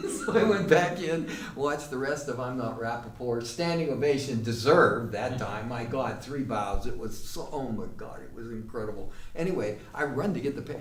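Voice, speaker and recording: A man's voice: medium pitch, a little hiss or hum. Rambling, cursing man telling stories. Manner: rambling, profane, with frequent restarts. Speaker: actor telling a theatre story. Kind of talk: storytelling monologue. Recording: roomy, mic far off, faint room ambience.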